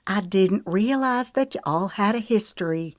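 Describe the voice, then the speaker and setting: A woman voicing a hopeful young woman trying gently to persuade her brother and friend. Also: mid-range voice, animated, moderate pace, no echo, clean studio sound, pitched above the performer's own voice, close to an everyday voice. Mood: soothing. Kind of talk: audiobook character reading.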